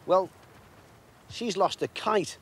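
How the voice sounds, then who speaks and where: A man's voice: high voice, takes it slowly, breathy edge, full character voice. A man voicing an eager, cocky young boy who talks in a brash, eager way. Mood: subdued.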